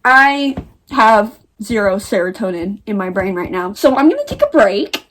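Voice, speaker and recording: A young woman from the United States talking to camera in a casual book vlog, dramatic and exasperated. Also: a little high. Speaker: book vlogger.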